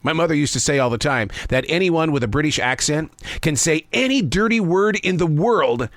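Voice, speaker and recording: A man's voice: fairly high pitch, animated, moderate pace, fairly bright tone, no room sound. A man in his sixties hosting a scripted spoken essay, folksy and conversational with playful asides. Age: 60s. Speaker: host. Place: living in the American South.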